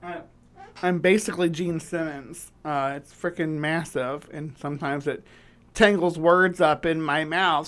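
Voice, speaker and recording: A woman's voice: deep voice, steady tone, normal speed. A woman hosting a casual livestream chat, rambling and restarting her sentences with lots of fillers. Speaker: livestream host.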